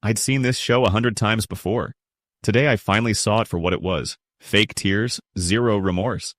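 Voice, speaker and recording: Low-voiced man narrating a story. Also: normal speed, fairly bright tone, no room sound. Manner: resentful, blunt. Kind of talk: first-person story narration.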